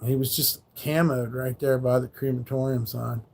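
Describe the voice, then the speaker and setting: A man's voice: mid-range voice, little pitch movement, normal speed, creaky, a little mellow, a little hiss or hum. A man hosting a livestream, telling a rambling, profane story in casual slangy speech. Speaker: livestream host.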